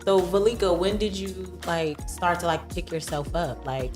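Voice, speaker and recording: A woman's voice: lowish voice, normal speed, over music. A woman hosting a podcast, chatting expressively, swearing casually and laughing while she talks. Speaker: podcast host. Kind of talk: casual chat. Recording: echoey room.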